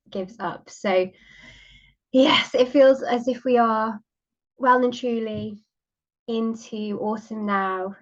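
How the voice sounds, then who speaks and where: Slow-talking croaky woman with a cold. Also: medium pitch, muffled recording. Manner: gentle, rambling, with many ums. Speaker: podcast host. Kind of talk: casual solo podcast talk.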